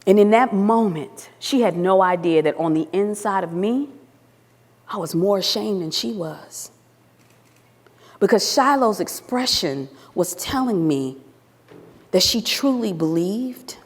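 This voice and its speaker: A woman and former teacher telling a personal story in a talk, animated and acting out the dialogue. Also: on the low side, a little slow. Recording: long reverb of a hall.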